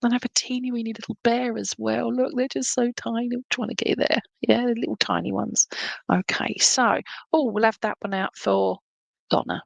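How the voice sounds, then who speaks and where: A woman's voice: on the high side, fairly even intonation, moderate pace, creaky, no room sound. A woman giving live psychic readings in a chatty, hesitant way, with lots of ums, calling viewers "my lovely". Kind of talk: casual live-stream reading.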